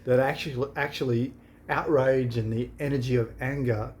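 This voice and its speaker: A man's voice: mid-range voice, steady tone, moderate pace, a little mellow. Plain-spoken man chiming in. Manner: plain-spoken, chimes in with short remarks. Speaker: co-host. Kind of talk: casual conversation.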